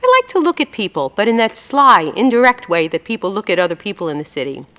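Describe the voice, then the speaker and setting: A woman, an author telling chatty, self-mocking stories to an audience and trying on quick voices for people she describes. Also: medium pitch, very animated, a bit bright, in a large hall. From New York. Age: 60s. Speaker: author giving a talk. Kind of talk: storytelling talk with slides and a reading. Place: event hall before an audience.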